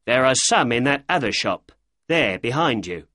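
A man's voice: mid-range voice, sing-song, moderate pace, sharp tone, dry recording, studio quality. A man doing a grumpy, defensive shopkeeper. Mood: grumbling. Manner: defensive and irritable. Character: grumpy middle-aged male poultry seller. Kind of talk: audiobook character reading.

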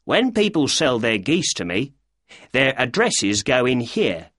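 A grumpy market shopkeeper, as a male narrator voices him, sounding defensive and fed up, his lively melody rising a little above the narrator's own voice. The tone is husky, and the recording is dry and close. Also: medium pitch, unhurried, no echo. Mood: grumbling. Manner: defensive and irritable. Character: grumpy middle-aged male poultry seller. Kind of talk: audiobook character reading.

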